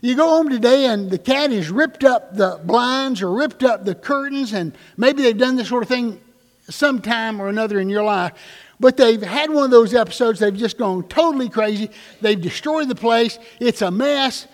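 A middle-aged man with a high-pitched voice preaching to his congregation. His words ring out with the long reverb of a large church hall. He is emphatic and often slows down to stress a point. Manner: emphatic, slows right down on key phrases, asks the congregation questions. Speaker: pastor. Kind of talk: sermon.

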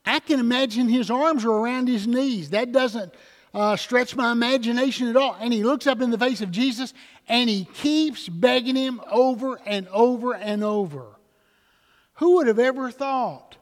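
Older preacher with dramatic sweep. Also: male voice, extremely high pitch, big-room sound. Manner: dramatic preaching, swinging from loud to soft. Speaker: pastor. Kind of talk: sermon. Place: church sanctuary.

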